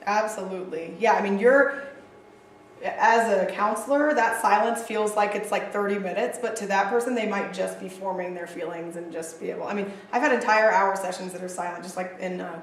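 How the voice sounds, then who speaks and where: A woman teaching counseling skills to a group, chatty and animated with frequent fillers and asides. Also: medium pitch, a little hiss or hum. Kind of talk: casual training lecture. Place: training room with a group. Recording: echoey room, distant mic.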